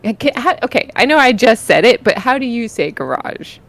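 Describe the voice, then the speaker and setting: A woman's voice: a little high, very animated, fairly quick. Chatty Texan woman with a British tinge. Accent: Texan with some British influence. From Texas. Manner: chatty, rambling, laughs often. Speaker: podcast co-host. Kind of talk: casual chat.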